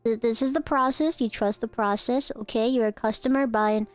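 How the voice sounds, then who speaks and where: A young woman streaming live, who teases her chat in a giggly, playful way while pretending to be a barista and sometimes breaks into squeaky outbursts. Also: fairly even intonation, normal speed, soft background music.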